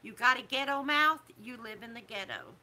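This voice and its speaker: A middle-aged woman, talking casually to camera as a vlogger in a disapproving, preachy way with drawn-out emphasis. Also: a little high, bright, forceful tone. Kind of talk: casual opinion talk to camera.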